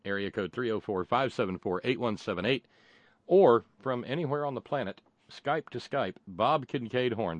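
Man, radio host, low pitch, dry close mic, sardonic, rambling. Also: no echo. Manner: rambling, sardonic, stammering restarts. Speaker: radio talk show host. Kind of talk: call-in talk radio.

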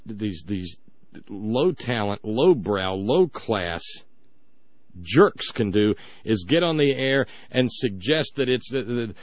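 A man's voice: mid-range voice, dry recording, highs cut off. A man hosting a radio talk show, giving sarcastic, emphatic commentary with frequent restarts.

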